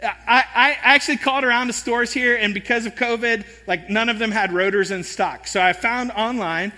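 A pastor preaches a sermon, telling stories in an animated, self-deprecating way at a normal speed. His voice is high and bright, with a long reverb like that of a large church sanctuary.

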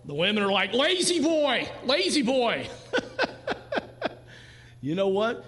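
A man's voice: high-pitched, fairly bright tone, long reverb tail. A man in his fifties preaching a sermon to a church congregation, talking in a conversational way and acting out quoted lines. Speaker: pastor. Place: church sanctuary.

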